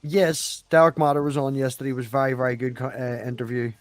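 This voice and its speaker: A man's voice: medium pitch, flat delivery, fairly quick, a little hiss or hum. A man, a guest on the show, chatting in a laid-back, offhand way. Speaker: guest, content creator. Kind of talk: casual chat.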